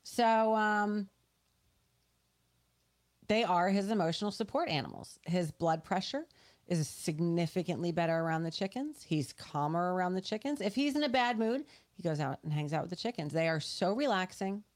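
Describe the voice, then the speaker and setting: A woman with a fairly low voice for a woman. She co-hosts a casual podcast and explains things earnestly, circling back and restarting as she goes. Her tone stays conversational and sincere. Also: animated, normal speed. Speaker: podcast co-host.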